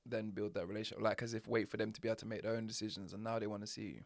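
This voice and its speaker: Young male co-host, lowish gravelly voice, jokey and animated, dry close sound. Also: rapid-fire, dry recording. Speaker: podcast co-host. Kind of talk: casual chat.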